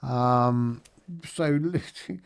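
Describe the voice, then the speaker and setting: A middle-aged man talks through his day in a relaxed video diary, upbeat and chatty. He rambles into little asides and fillers as he goes. His voice sits at an ordinary, mid-range pitch. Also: takes it slowly, vocal fry, clean tone. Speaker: charity challenge fundraiser. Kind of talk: casual video diary recap.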